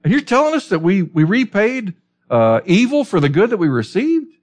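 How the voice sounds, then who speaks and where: A preacher voicing Joseph's brothers as anxious men who protest their innocence in a high, insistent tone. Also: male voice, big pitch swings, moderate pace. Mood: defensive.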